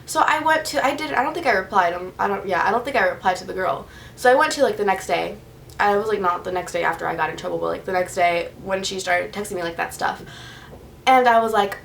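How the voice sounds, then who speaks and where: Young woman, casual storytime vlog, animated quoted voices, a little far from the mic, faint background hiss. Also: fast, gravelly. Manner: animated, acts out quotes with pitch jumps. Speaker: vlogger. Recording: slightly distant mic with faint noise.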